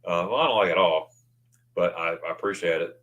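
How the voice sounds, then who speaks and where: An American man hosts a laid-back livestream from his new desk microphone, chatting loosely and reading viewer comments out loud. His voice is low and fairly bright, and he talks fairly quickly, though the recording sounds muffled.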